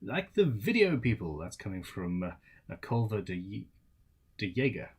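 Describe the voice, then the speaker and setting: A man's voice: lowish voice, sing-song, moderate pace, husky. A tired man, hosting a casual live-stream Q&A as a luthier, chatty and rambling with self-deprecating asides.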